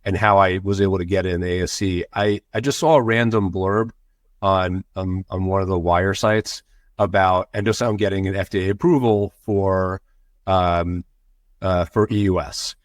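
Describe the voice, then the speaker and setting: A man who is a physician guest on a podcast, explaining things in a measured, conversational way. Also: deep voice, fairly even intonation, dry recording, clean studio sound. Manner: measured, explanatory, with many fillers. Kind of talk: conversational interview answers.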